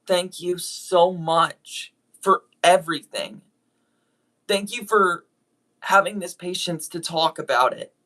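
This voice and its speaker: A YouTube voice actor talks to their audience in a slow, unhurried apology monologue. The delivery is earnest and halting, with frequent restarts, and the tone is bright and a little tense throughout. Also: medium pitch.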